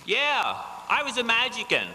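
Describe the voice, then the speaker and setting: A man spins a folksy tall tale in a live stage comedy routine and chuckles at his own punchlines. His voice is very bright and lively in pitch. It carries a long hall echo from the live show. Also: normal speed, slight background noise. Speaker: comic storyteller on stage.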